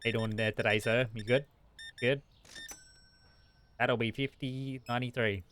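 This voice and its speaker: A man's voice: mid-range voice, fairly even intonation, moderate pace, a bit bright, slight background noise. A man streaming a store game, greeting customers in a shopkeeper voice and talking to himself, with frantic bursts when it gets busy. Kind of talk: casual gameplay chat.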